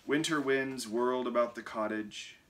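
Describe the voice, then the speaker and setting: A man reading a picture book aloud in an expressive, lively way. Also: mid-range voice, normal speed. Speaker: reader.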